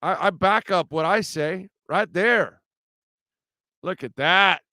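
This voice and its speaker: Pumped sports radio guy, bright punchy voice, dry close sound, calls everyone baby. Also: sits high, slow, no room sound. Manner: hyped, slangy, calls people baby and dude. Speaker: radio show host. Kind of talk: casual sports radio chat.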